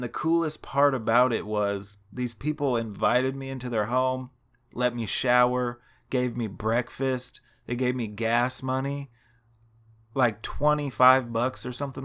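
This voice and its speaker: A man's voice: medium pitch, steady tone, measured pace, a bit bright, smooth. A man telling a long story in a casual, rambling and profane way, laughing now and then.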